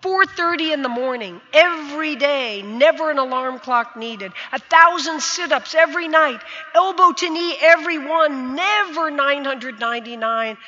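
A woman's voice: high voice, animated, normal speed, hardly any pauses, sharp tone. A woman in her sixties from the United States, giving a vivid personal storytelling speech on a stage. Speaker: speaker. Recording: dull sound, long hall reverb.

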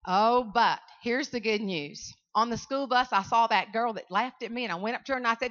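A Southern woman with a high, bright, ringing voice tells stories to a room of students and keeps calling out "y'all". She is lively and animated. The recording sounds a little dull and lo-fi. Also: fairly quick, hardly any pauses. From South Carolina, US. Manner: animated storytelling, calls out to the audience. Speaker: motivational speaker. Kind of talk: motivational speech to students.

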